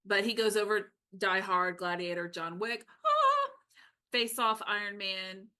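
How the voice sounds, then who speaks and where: A woman co-hosts a casual book chat. Her voice is bright and forward at a middle pitch, and she talks in quick, animated asides. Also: clear, resonant tone. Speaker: podcast co-host.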